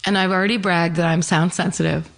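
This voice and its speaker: A woman's voice: on the low side, fairly even intonation, vocal fry. Chatty, rambling woman co-host. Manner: chatty, rambling, quick to laugh. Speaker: podcast co-host. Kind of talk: casual chat.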